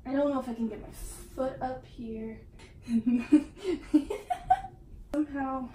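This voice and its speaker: Filming a casual vlog in her mom's bedroom, she giggles a lot, laughs often and teases herself, often sounding out of breath. Her high-pitched, mellow voice is fairly quick with fairly even intonation. Heard from a camera across the room, the audio is distant and roomy, with faint hiss.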